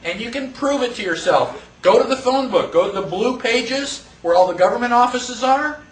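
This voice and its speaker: A man teaching a class in a lively lecture, quizzing the students and acting out quotes. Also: very high voice, moderate pace. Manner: animated, asks the class questions, acts out quotes. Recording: echoey room, voice from far off.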